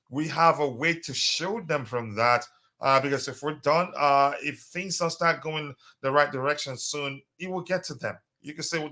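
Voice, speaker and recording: A man's voice: on the high side, pushed and bright. A man hosting a fan live stream, chatting casually and reading out viewer comments with many hesitations. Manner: hesitant, many fillers, reads comments aloud. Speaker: host of a fan livestream.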